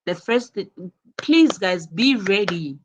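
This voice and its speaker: A woman's voice: medium pitch, expressive, slow, lo-fi sound, a little hiss or hum. A woman teaching a live online English class over a video call, explaining patiently and working through repeated examples.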